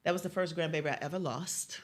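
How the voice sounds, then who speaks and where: A middle-aged youth mentor from Chicago's West Side tells a personal story of faith and loss in an emotional interview, dropping to a near whisper when moved. Her voice sits low and she talks fast, with soft background music behind her.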